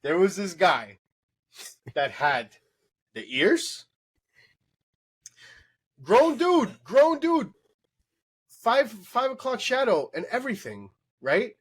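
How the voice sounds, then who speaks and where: A man hosting a casual late-night podcast, telling an animated story with lots of swearing and laughter. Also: high voice, slightly rough. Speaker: podcast host.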